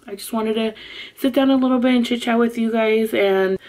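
A woman's voice: on the high side, fairly even intonation, a little fast, a little mellow, a little hiss or hum. A young woman chatting casually to her camera at home, rambling with lots of ums. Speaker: vlogger. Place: at home, sitting down.

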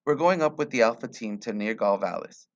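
A man reading the lines of an eager, excited mother who is a scientist. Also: on the low side, fairly quick, dull audio.

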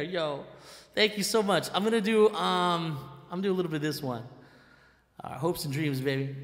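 A man with a high, bright voice talks excitedly to his live-stream audience, laughing and repeating himself. His room rings with a long, echoey reverb. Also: quick pace. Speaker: live-stream musician host.

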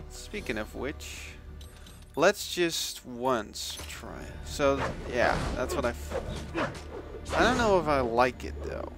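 A man from the Netherlands giving casual commentary while playing a video game, swearing and shouting out loud bursts. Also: medium pitch, sing-song, slow pace, gravelly, pauses often. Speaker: let's play gamer. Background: game music.

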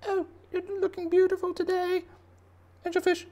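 Cartoon cleaner shrimp, tiny and fawning, squeaky falsetto pitched way up, gushing compliments. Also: male voice, completely flat delivery, moderate pace, warm tone. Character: fussy little male cleaner shrimp, gushing flatterer.

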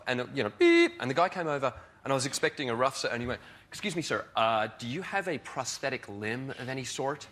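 A man on a comedy panel show telling wry anecdotes and quoting people in a deadpan voice. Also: medium pitch, a little hiss or hum. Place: TV studio with live audience.

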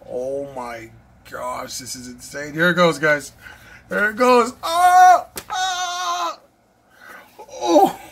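A man's voice: a little high, gravelly, pushed and bright, a little hiss or hum. A man unboxing a knife for his vlog, gushing and breathless, repeating himself as he talks. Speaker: knife collector vlogger.

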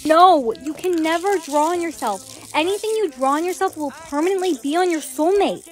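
A woman's voice: very high voice, lively intonation, moderate pace. A young woman acting in a comedy skit, delivering rules and warnings earnestly. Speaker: skit co-actor.

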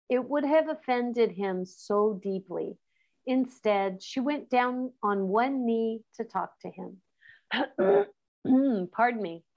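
A woman teacher reading a children's novel aloud to her class, unhurried, with chatty asides and quick self-corrections. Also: a little high. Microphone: class recording.

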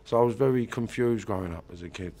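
A man's voice: on the low side, fast talker, mellow. A man with a British accent, recounting a hard childhood in an emotional interview. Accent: British English. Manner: emotional, gravelly storytelling.

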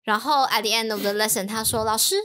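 Bilingual co-host: Mandarin-native woman, fairly high voice, animated storyteller. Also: quick pace, slight background noise. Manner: lively storytelling, mixing languages. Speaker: podcast co-host, language teacher. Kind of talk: casual bilingual chat.

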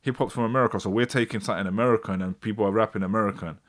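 A man's voice: on the low side, steady tone, very fast. A man hosting a casual livestream, thinking aloud and reading out viewer comments. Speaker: host.

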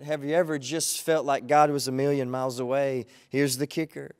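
A man's voice: a little high, steady tone, brisk, hardly any pauses, a little mellow. A man preaching a sermon as pastor, reading scripture dramatically and asking the listeners pointed questions with rising feeling.

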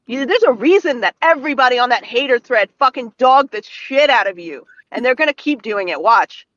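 A woman's voice: high voice, lively intonation, brisk, a bit bright. A woman ranting furiously and profanely as a guest in a casual stream chat. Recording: dull lo-fi mic.

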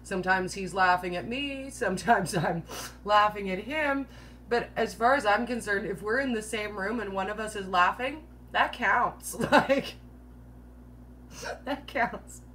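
A woman's voice: mid-range voice, normal speed, pushed and bright, a little hiss or hum. A woman hosting a casual live-stream Q&A, chatty and joking, often laughing at her own jokes and using 'like' a lot. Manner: filler-heavy, says 'like' constantly. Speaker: host of a live keto Q&A.

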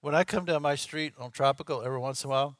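A man's voice: medium pitch, very fast, a bit bright, dry recording, studio quality. A man preaching a sermon in a folksy, conversational way, often checking in with "okay?" and "right?". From Texas. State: clearing his throat, voice catching. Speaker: pastor.

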